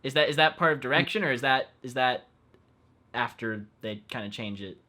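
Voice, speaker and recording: Bright-voiced eager man interviewing. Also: medium pitch, normal speed. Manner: eager fan, enthusiastic questions. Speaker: interviewer host. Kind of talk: casual interview.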